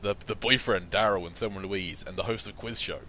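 Mid-pitched man, rambling guest talk. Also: fast, sharp tone, a little hiss or hum. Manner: rambling, restarts, dry humor. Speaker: podcast guest. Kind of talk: casual film podcast chat.

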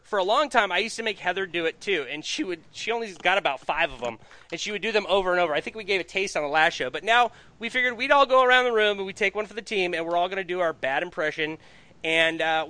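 A man hosts a comedy podcast in loose, rambling chat full of jokes. His voice sits high and bright, and he talks fast. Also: lively intonation. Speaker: podcast host.

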